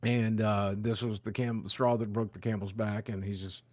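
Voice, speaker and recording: A man's voice: on the low side, little pitch movement, normal speed, a little mellow, no echo. A man cohosting a live podcast, chatting casually and going along with the others.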